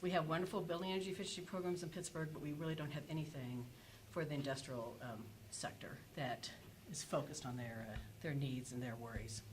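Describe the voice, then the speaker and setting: Panelist, woman, lower register, halting delivery full of "uh" and "like", faint background hiss. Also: fairly even intonation. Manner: hesitant, many fillers and self-corrections. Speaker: energy policy panelist. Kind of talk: conference panel presentation.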